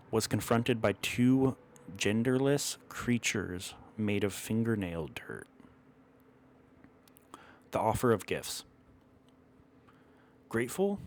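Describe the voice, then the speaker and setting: Low-voiced man telling an old myth. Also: a little mellow. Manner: measured, dramatic, with self-corrections. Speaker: storyteller. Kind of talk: storytelling narration of a myth.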